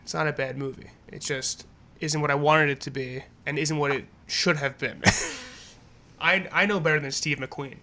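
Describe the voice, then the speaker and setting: A man's voice: a little high, normal speed, pushed and bright. A man co-hosting a movie podcast in casual chat, speaking bluntly, swearing freely and laughing easily. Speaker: podcast co-host.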